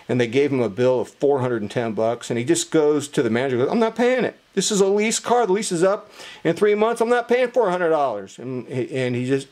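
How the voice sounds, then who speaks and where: A middle-aged man reviewing watches in a casual vlog, chatty and animated as he tells a story and acts out the people in it. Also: mid-range voice.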